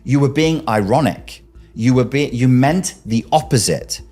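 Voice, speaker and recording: A man hosting a commentary argues his case emphatically at a measured pace, his pitch riding up and down in lively swings. He presses rhetorical questions on the listener while faint music plays behind him.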